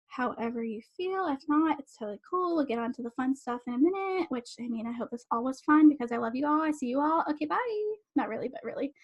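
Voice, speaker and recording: A young woman life coach hosting a live online summit, talking fast and rambling in a bubbly, effusive way over a video-call mic. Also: high-pitched. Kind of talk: casual live-stream talk to attendees.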